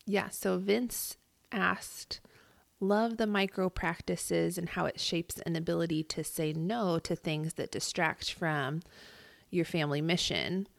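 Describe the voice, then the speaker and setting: A woman co-hosting a podcast, talking in a relaxed, reflective way with a husky morning voice. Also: on the low side, no echo. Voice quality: gravelly vocal fry. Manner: reflective, halting with fillers. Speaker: podcast co-host. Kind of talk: casual podcast chat.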